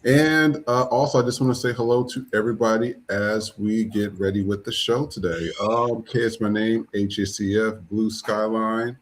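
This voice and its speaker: A man's voice: lowish voice, fairly even intonation, normal speed, hardly any pauses, a little hiss or hum, poor audio. A man hosting a live podcast, chatting casually with many fillers and restarts. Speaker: podcast host. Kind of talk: casual live-stream chat.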